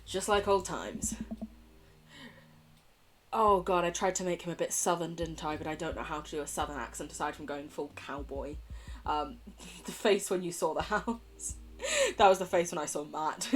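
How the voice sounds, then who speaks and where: A woman's voice: sits low, animated, normal speed, slight background noise. A woman streamer, reading a dating game aloud, giggling often, swearing and trying out voices for the characters.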